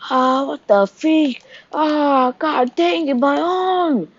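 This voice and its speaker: Dude putting on a frantic young guy, voice jumps way high, muffled lo-fi sound. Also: level tone, fast, darkish tone, no echo, close to an everyday voice. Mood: pained. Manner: pleading, high frantic cries. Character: panicked young man, grieving and hurt. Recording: dull lo-fi recording.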